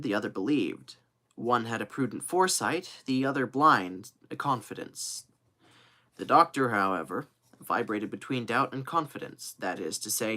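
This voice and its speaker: A man reading a classic novel aloud live, expressive, with occasional slips and fillers. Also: mid-range voice. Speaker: reader.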